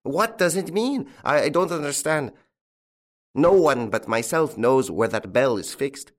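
A man's voice: medium pitch, lively intonation, a little slow, lightly acted. A man reading an audiobook, voicing a jovial middle-aged army colonel who hosts guests and barks orders when alarmed. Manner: genial and talkative, turning loud and commanding in alarm. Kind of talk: audiobook character voice.

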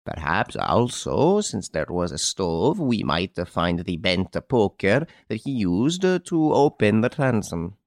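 A man reading an audiobook, voicing a calm, clever chevalier who explains a theft in a smiling, deliberate way. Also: lowish voice, dry recording, clean studio sound, exaggerated voice.

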